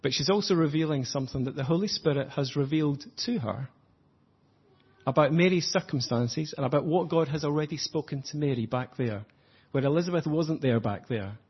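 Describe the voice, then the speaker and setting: A man preaching an earnest, reflective sermon, slowing down to stress his points. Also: fairly high pitch, husky, highs cut off. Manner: earnest, reflective, slows for emphasis.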